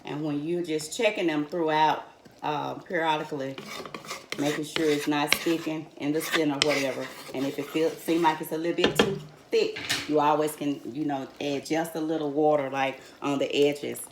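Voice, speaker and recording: A woman's voice: low voice, fairly even intonation, moderate pace, heavy background noise. An older woman, chatting folksily through a home cooking demonstration and calling her viewers honey and y'all. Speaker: home cook host. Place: home kitchen. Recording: echoey kitchen with cookware clatter.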